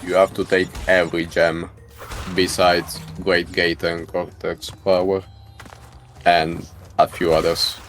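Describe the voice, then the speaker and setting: Man, deep low voice, casual speedrun co-commentary, joking, opinionated, faint game music behind. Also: level tone, slow, a bit bright. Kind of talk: casual chat over gameplay.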